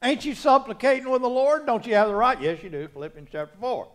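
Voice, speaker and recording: A man preaching a sermon in a church, folksy, moving from quiet asides to loud exhortation. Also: very high-pitched, fast. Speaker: pastor.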